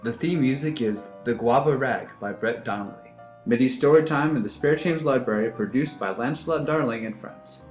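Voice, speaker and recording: A man's voice: medium pitch, normal speed. A man reads the closing credits of a podcast in a plain, informative manner. His voice sounds roomy, and faint music plays underneath. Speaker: announcer.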